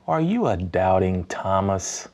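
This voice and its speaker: Man, youth minister, low gravelly voice, casual teaching to camera. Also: very animated, takes it slowly, darkish tone, dull audio, a little hiss or hum. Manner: conversational, with many fillers and acted-out quotes.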